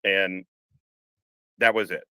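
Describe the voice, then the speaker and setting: Low-voiced man, rambling and profane. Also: level tone, takes it slowly, pushed and bright, smooth, no room sound, low-quality recording. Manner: swears a lot, rambling with restarts. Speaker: podcast host. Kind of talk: casual live-streamed conversation. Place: home room, car parked outside.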